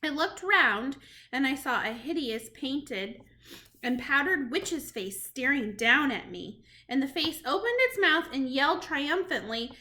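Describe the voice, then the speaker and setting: A woman reading a storybook chapter aloud to children in an expressive, dramatic way. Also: high voice, measured pace. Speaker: reader to children.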